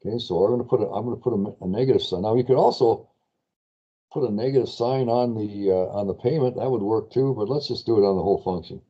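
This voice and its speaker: A man lecturing a class on lease finance in a spreadsheet, chatty and quick to correct his own slips while asking students questions. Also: on the low side, lo-fi sound.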